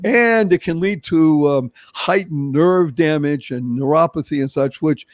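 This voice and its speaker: An older man from Boston with a Boston accent, hosting a motivational interview show with animated, emphatic storytelling. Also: a little high, a little slow, no echo. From Boston, Massachusetts. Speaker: show host.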